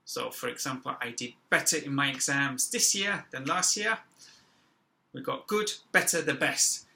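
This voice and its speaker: A man teaching an English grammar lesson, speaking slowly and stressing each example word. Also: mid-range voice, creaky, bright, forceful tone, poor audio. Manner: slow, deliberate, stressing example words. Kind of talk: classroom-style grammar lesson.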